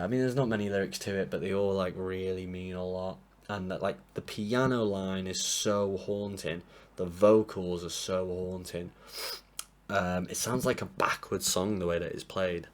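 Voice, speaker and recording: Speaking from a home desk, a low-voiced Englishman in his late twenties works through a casual album ranking as a music reviewer. Sleep-deprived, he rambles with fairly even intonation, apologising and putting himself down. The desk mic is propped up and occasionally bumped.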